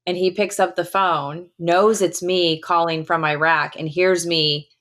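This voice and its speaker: A woman's voice: lowish voice, fairly even intonation, unhurried, fairly bright tone. A middle-aged American woman, a retired Air Force colonel, telling a personal story as a podcast guest in a candid, emphatic way with casual fillers. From United States.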